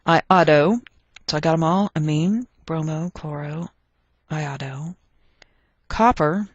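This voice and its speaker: A woman's voice: sits low, takes it slowly, breathy edge, no echo, dull audio. A woman teaching a chemistry lesson, chatty and thinking aloud as she works through problems. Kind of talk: recorded chemistry lecture.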